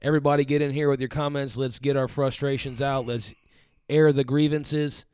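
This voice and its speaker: A man co-hosting a live fan show, speaking in a measured, calm way and thanking viewers. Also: medium pitch, clean tone, dry recording. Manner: measured and calm, reads audience shoutouts. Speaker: co-host and producer.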